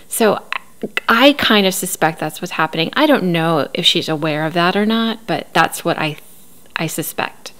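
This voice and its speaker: A woman's voice: fairly low pitch, expressive, normal speed, a bit bright. A woman recapping a reality show in casual, opinionated commentary, laughing often. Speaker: recap host.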